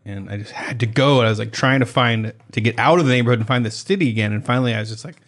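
Male podcast co-host, mid-pitch, easygoing joke-reader. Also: rapid-fire, fairly bright tone. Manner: playful, reads headlines with jokey asides. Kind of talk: casual comedic news chat.

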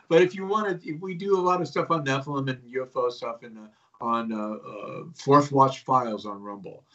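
Rambling man on dull lo-fi audio. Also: mid-range voice. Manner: rambling, filler-heavy, conspiratorial. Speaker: guest, host of his own show. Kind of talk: casual interview storytelling.

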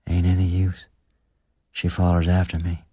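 A man voicing a gaunt, haunted rural man who speaks slowly and haltingly in rustic speech, read as an audiobook character. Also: sits low, completely flat delivery, dark tone, slightly rough, no room sound, clean studio sound. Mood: grim.

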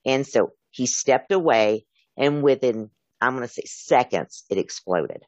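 A man's voice: mid-range voice, lively intonation, measured pace, no room sound, dull audio. A man, a former emergency dispatcher, telling stories in an interview in an earnest way, acting out the callers' words. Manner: earnest, recounts calls with quoted dialogue. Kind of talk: storytelling in an interview.

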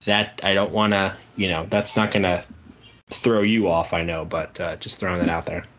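Low-voiced man reading trivia questions. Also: fairly even intonation, normal speed, a bit bright. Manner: reads trivia questions and quoted promos, laughs easily. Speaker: podcast co-host running trivia. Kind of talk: casual chat.

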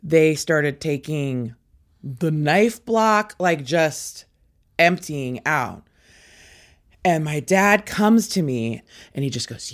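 A woman telling a personal story in an animated, profane way, acting out the quotes loudly. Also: deep voice, slow. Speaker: interviewee.

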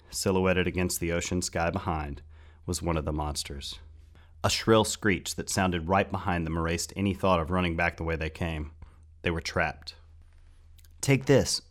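A man reading a story aloud as the narrator, in steady, tense storytelling. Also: deep voice. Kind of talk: scripted audiobook narration.

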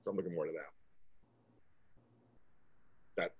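Hosting a relaxed conversation, this Californian man in his fifties speaks low and unhurried, his intonation fairly even and his voice a touch husky and breathy. He wanders off track, restarts sentences frequently, and says "um" a lot.

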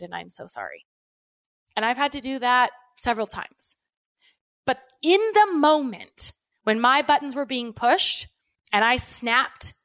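A candid woman in her thirties speaks in a slightly higher register, talking in a loose, conversational flow. She coaches people and sometimes slips in a casual swear word. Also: a bit bright. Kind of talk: personal reflective talk.

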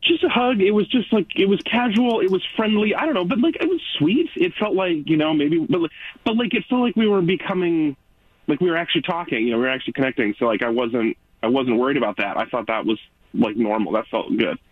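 A man's voice: fairly high pitch, animated, fast talker, breathy edge, no room sound. A young man calling in to a radio show, rambling and hesitant, full of fillers. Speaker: caller on a radio dating segment. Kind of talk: casual phone chat. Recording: tinny phone line.

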